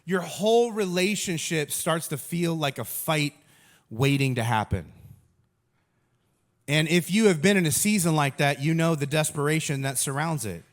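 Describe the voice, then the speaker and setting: A man in his thirties giving a humorous sermon as a pastor, telling stories in an animated, self-mocking way. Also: a little high, normal speed.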